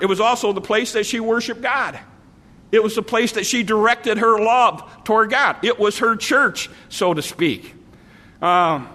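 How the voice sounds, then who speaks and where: A male pastor preaches in a high, bright voice, leaning on repeated phrases and slowing down for emphasis. The sound rings with long reverb from a large hall. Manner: repetitive preaching cadence with drawn-out emphatic phrases. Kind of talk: evening sermon.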